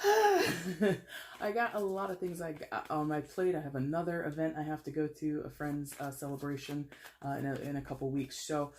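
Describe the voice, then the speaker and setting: A woman's voice: low-pitched, normal speed, a little hiss or hum. Casting: woman in her thirties, tarot reader, chatty, playful, laughs a lot. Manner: chatty, animated, laughs and plays with voices. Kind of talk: casual tarot reading to camera.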